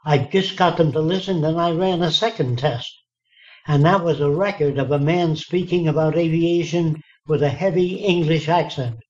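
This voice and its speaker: A man's voice: fairly high pitch, moderate pace, a little mellow. Blunt storytelling man, lo-fi recording. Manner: blunt, folksy, quotes people in dialogue. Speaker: interviewee. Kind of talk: storytelling in conversation. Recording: dull lo-fi recording.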